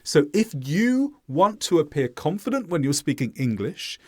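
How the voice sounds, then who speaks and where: Man teaching with lively, bouncing intonation. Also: a little high. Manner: clear, deliberate delivery with lively intonation. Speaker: English teacher. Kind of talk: teaching lesson.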